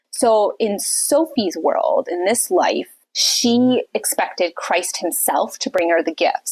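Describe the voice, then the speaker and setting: Husky sick-sounding woman host. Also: medium pitch. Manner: earnest storytelling, retelling a book scene. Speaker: podcast host. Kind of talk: casual Christian podcast reflection. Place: bedroom, recording from bed.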